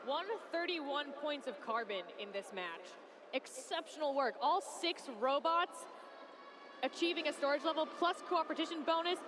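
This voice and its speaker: A woman commentating a robotics competition live from an arena booth, with excited exclamatory play-by-play. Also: high voice, normal speed, background noise.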